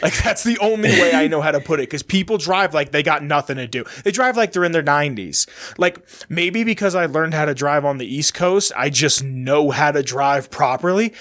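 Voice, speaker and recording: Animated swearing man telling a story. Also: on the high side, normal speed. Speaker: podcast co-host. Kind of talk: casual chat.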